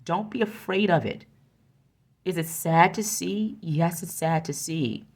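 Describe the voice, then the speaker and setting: A woman's voice: on the low side, measured pace. A woman giving an oracle card reading, speaking earnestly and encouragingly and often repeating her phrases. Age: adult with a young son.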